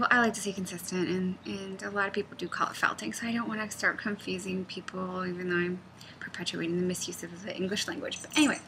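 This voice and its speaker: A knitting designer chats casually in a vlog, rambling off on tangents and frequently dropping to a near-whisper. Her mid-range voice is a bit bright, with a little hiss or hum in the recording.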